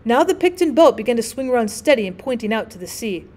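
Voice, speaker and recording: A woman teacher narrating a classic short story as an audiobook, with clear, measured storytelling. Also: a little high, very animated. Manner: clear, measured storytelling with gentle voices for characters.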